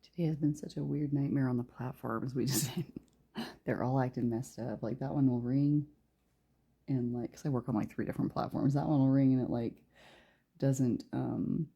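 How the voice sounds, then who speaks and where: A woman giving a tarot reading in a soft, hushed voice that often drops to a whisper, rambling with many fillers. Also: very deep voice, fairly even intonation, moderate pace, gravelly, slightly rough. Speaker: tarot reader.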